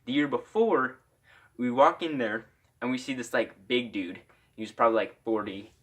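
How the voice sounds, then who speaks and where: A man's voice: mid-range voice, moderate pace. A young man from Iowa telling a casual story-time tale, rambling with lots of "like" fillers.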